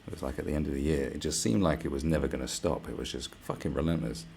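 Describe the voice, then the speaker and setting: A man hosts a live stream, ranting casually with lots of swearing and sarcastic asides and mocking others in put-on voices. His voice is rumbling low, fast, creaky and darkish, with a little hiss or hum.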